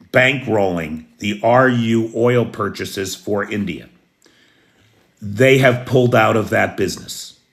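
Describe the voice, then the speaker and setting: A man's voice: mid-range voice, creaky, fairly bright tone. A middle-aged American man giving blunt, opinionated news commentary full of rhetorical questions. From United States.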